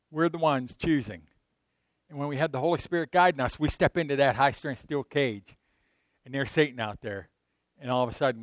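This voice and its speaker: A middle-aged man preaching a sermon in a conversational way, swinging from loud emphatic bursts to soft asides and asking his listeners frequent rhetorical questions. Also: medium pitch, dry recording. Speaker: pastor.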